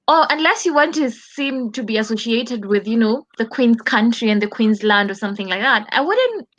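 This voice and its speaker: A woman chatting as a panelist in casual commentary, animated and often restarting her words, from outside the US. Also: a little high, normal speed, muffled recording.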